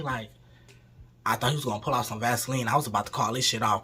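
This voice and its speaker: A man's voice: medium pitch, fast talker, bright, forceful tone, slightly rough. A young man telling a casual, candid storytime with lots of profanity, acting out the people in his story as he goes. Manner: acts out voices in the story. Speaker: vlogger.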